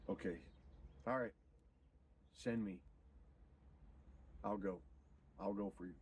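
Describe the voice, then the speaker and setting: A man's voice: fairly low pitch, steady tone, takes it slowly, a little mellow, slight background noise, voice pushed down. A man voicing Jonah as a guilty, resigned reluctant prophet. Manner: sheepish, confessional.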